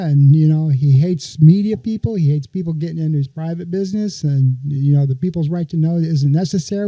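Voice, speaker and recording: A man's voice: on the high side, fairly quick, few pauses, no room sound, highs cut off. A man hosting a political podcast, talking his listeners through a topic in a conversational, sarcastic way. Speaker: podcast host. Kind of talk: political commentary.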